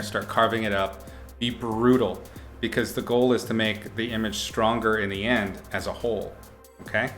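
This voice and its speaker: Guy streaming art critiques, bright forceful voice, jokey and upbeat, quiet music underneath. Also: on the low side. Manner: playful, upbeat, mock-brutal joking. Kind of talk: casual livestream art critique.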